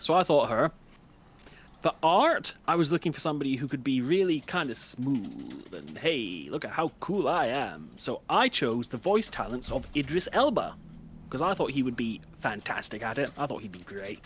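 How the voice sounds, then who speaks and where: A man in a casual book club chat, pitching ideas with rambling enthusiasm. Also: big pitch swings, normal speed, slight background noise.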